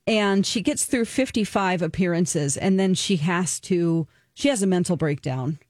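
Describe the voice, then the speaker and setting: A woman's voice: fairly low pitch, measured pace, a little mellow, no echo. A woman co-hosting a talk radio show, chatting earnestly and openly, talking about her own experience, recorded on a studio microphone. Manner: earnest, emotional and open, sharing personal experience. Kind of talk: casual talk-radio chat, reviewing a documentary.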